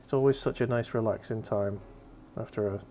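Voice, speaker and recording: A man's voice: on the low side, fairly even intonation, fairly quick, mellow, a little hiss or hum. A man hosting a casual painting stream, chatty and loose, swearing now and then and fumbling with his setup. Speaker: stream host. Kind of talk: casual chat while painting.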